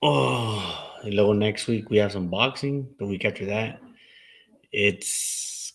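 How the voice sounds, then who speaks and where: A man's voice: lowish voice, takes it slowly, creaky, fairly bright tone, low-quality recording. A young man hosting a casual sports talk show, rambling in a laid-back way and mixing Spanish words into his English.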